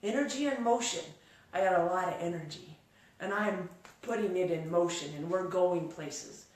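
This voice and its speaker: A woman's voice: fairly low pitch, moderate pace, very echoey, far from the mic. A woman giving a live-streamed motivational talk, emphatic and repetitive, tearful as she speaks. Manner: emphatic, repeats phrases, turns tearful and emotional. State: crying.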